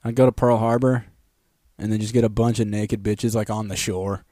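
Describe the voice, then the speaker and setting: A young man co-hosting a casual comedy podcast, riffing crude jokes and quick bits into a close mic. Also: on the low side, fairly even intonation, warm tone, no echo. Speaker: podcast co-host. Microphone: close studio mic.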